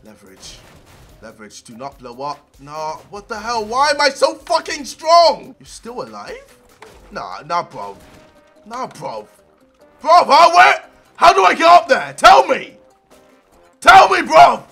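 Young guy yelling over game music, high bright voice with gravel in it, swears a lot. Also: wildly swooping pitch, unhurried. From England. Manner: loud, swearing, shouts and yelps at the game. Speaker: gaming video creator. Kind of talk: gameplay commentary.

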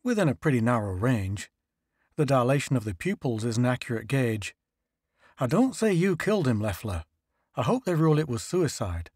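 A man's voice: medium pitch, very animated, normal speed, darkish tone, slightly rough, dry recording, clean studio sound. A man voicing a precise ship's doctor. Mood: measured.

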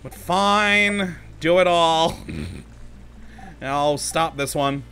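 A man's voice: on the high side, drawn-out words, gravelly, pushed and bright, slight background noise. A man commentating casually as he plays a video game, talking to himself, easily exasperated and laughing often. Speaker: let's play host.

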